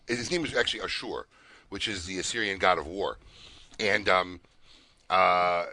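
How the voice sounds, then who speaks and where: A man's voice: sits low, normal speed, no room sound. A middle-aged man co-hosting a radio talk show, telling a story with lots of laughter and acted-out dialogue. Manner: animated storyteller, laughs often, acts out both sides of dialogue. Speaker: radio co-host. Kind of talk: casual radio chat.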